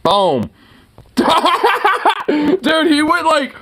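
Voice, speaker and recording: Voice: medium pitch, very animated, a little slow, a bit bright. A streamer giving casual, profane reaction commentary on viral clips, rambling with lots of filler words and mocking laughter. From United States.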